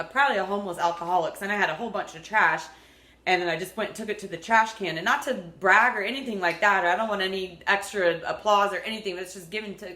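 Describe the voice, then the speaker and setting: In an echoey room, a woman in her thirties gives unedited, casual vlog talk to her viewers. She's upbeat, earnest and rambling, with a mid-range, slightly bright voice.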